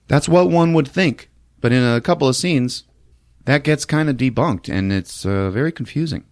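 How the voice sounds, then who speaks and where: A man's voice: medium pitch, moderate pace, dry recording, clean studio sound. A man on a podcast recapping a film casually, telling it animatedly and laughing often. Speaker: podcast host.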